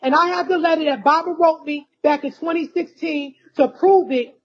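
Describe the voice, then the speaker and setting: A woman's voice: sits high, moderate pace. A woman from the United States giving a heated, accusatory monologue to her followers, repeating herself and calling out to them directly. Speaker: vlogger addressing followers. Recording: dull lo-fi recording.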